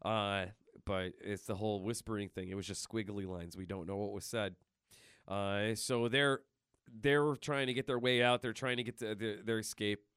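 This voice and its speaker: A man co-hosting a casual podcast, talking excitedly and rambling with many fillers. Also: on the low side, moderate pace, smooth, no echo, clean studio sound. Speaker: podcast co-host. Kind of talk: casual chat.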